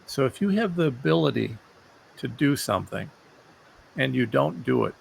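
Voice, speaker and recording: A male show host conducts a conversational interview, speaking earnestly and frequently repeating words as he searches for his thoughts. His medium-pitched voice is gravelly with lively intonation and a moderate pace, and there's slight background noise.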